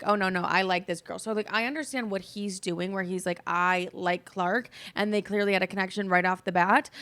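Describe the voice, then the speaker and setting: A woman's voice: mid-range voice, fairly bright tone. Young woman podcast host ranting, rambly, swears a lot, sore jaw. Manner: chatty, rambling, filler-heavy, swears freely. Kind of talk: casual ranting monologue.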